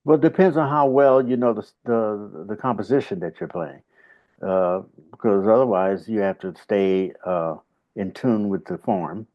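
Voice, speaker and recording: A male saxophonist giving a video call interview, talking in a rambling, halting way with many fillers, now and then humming little grunts. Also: fairly low pitch. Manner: hums little grunts to illustrate. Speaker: saxophonist and bandleader, interview guest. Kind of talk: casual reflective storytelling. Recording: dull lo-fi video call audio.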